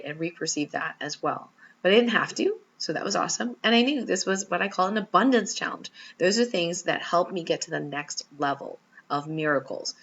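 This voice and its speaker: A woman giving a spiritual teaching talk with personal stories, told in an animated, storytelling manner. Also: on the low side, creaky, husky, highs cut off. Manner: warm, animated storytelling with laughs.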